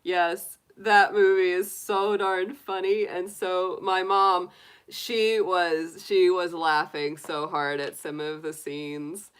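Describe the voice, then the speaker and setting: A woman's voice: on the low side, little pitch movement, slow pace, clear, resonant tone. A middle-aged woman hosting a tarot live stream, chatting casually, giggling often and greeting viewers by name.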